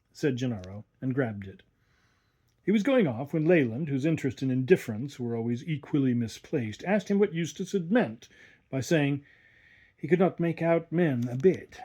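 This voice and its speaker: A man narrating a story in a measured, expressive reading. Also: mid-range voice, husky. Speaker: reader.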